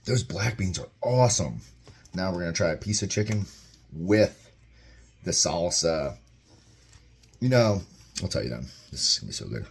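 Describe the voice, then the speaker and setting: Upbeat deep-voiced man chatting while eating. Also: big pitch swings, moderate pace, pauses often, husky. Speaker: vlogger reviewing a meal. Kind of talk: casual vlog chat. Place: home kitchen. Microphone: camera mic, propped-up phone without tripod.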